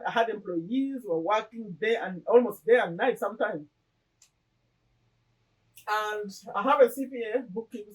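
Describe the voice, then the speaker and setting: A woman's voice: on the high side, darkish tone, far from the mic, low-quality recording. A middle-aged woman talking casually to the camera in an earnest way, often repeating and restarting her phrases. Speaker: vlogger. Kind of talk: casual personal talk to camera.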